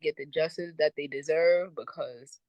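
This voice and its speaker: A woman's voice: low-pitched, moderate pace, a little mellow, no echo. A woman on a podcast panel, talking casually in a rambling storytelling way with lots of fillers. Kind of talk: casual chat.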